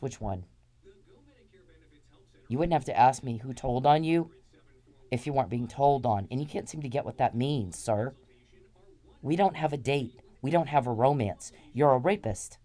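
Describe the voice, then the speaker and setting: A woman's voice: rumbling low, warm tone. Angry, profane woman ranting at someone. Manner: confrontational, repetitive, profane. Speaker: podcast host. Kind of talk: angry monologue addressed to one man.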